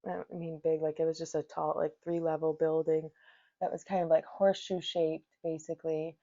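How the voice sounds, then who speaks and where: A woman's voice: deep voice, normal speed. Chatty storytelling woman, lo-fi sound. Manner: animated, chatty, frequent "like" and laughter. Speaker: podcast host, yoga teacher. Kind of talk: casual storytelling.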